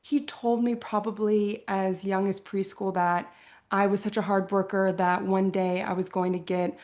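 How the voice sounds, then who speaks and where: A young adult woman from Virginia speaks as an interview guest in an earnest, reflective way. Her pitch sits in the middle range, and she often closes her thoughts with a soft "right?". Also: level tone, moderate pace.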